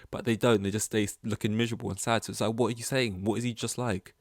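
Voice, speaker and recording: A man with a lowish voice rambles through a solo podcast episode and pokes fun at himself. He swears casually as he talks. The sound is dry and close. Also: fairly even intonation, fast, few pauses, a little mellow, no echo. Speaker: podcast host.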